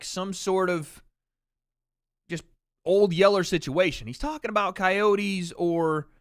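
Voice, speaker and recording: Man streaming live, brash and opinionated, bright forceful voice, dry sound, a bit high. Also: clean tone, no room sound. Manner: brash, opinionated, swears freely. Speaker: livestream watch party host. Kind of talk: casual chat.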